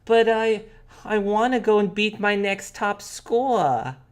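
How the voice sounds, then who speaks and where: Man putting on a high, pleading kid-sister voice for a tabletop game. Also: takes it slowly, clear, resonant tone. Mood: whiny. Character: little girl, cheerful pushy gamer sister.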